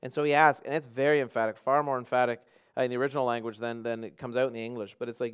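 A male pastor preaching a sermon, emphatic, swinging from loud passages to quiet ones, often repeating and restarting words. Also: mid-range voice, flat delivery, rapid-fire, clear, resonant tone.

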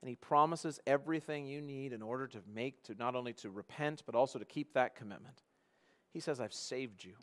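An earnest male pastor delivers a sermon at a middle pitch. He climbs to loud, emphatic peaks, then drops to near-hushed tones as he presses his points home. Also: a little fast.

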